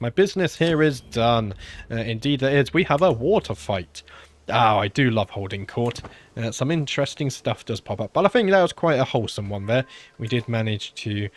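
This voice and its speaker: A British man with a mid-range voice hosts a gaming channel, giving casual let's-play commentary on a strategy game. He muses aloud, fills pauses with frequent filler sounds, and seems slightly under the weather.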